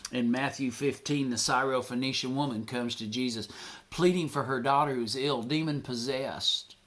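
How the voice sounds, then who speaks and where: A man's voice: medium pitch, a bit bright. Man, middle-aged, pastor, earnest sermon, retells scripture with quoted voices.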